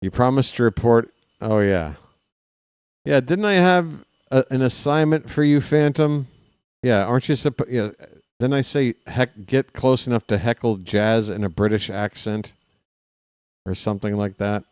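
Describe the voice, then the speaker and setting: A man calling a baseball game live in a casual play-by-play style, chatty and candid, drifting into personal asides between the pitches. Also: unhurried, a little mellow, smooth, dry recording, clean studio sound. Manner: candid and self-deprecating. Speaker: play-by-play announcer.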